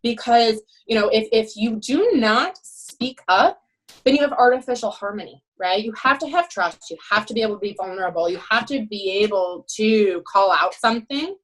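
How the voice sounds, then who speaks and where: A woman who is a head swim coach, telling animated, emphatic stories in a podcast interview and often adding "you know" and "right.". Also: a little high, moderate pace, poor audio.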